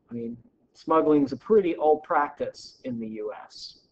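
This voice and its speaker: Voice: medium pitch, a little fast. A history lecturer giving a recorded class lecture in a casual, wry, joking way, in a dull lo-fi recording.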